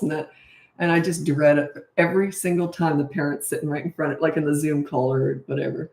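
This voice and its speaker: A woman's voice: low voice, steady tone, a little fast, a little mellow. A woman in her sixties, a parenting coach, answering viewer questions in a blunt, emphatic and opinionated way. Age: 60s. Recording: echoey room.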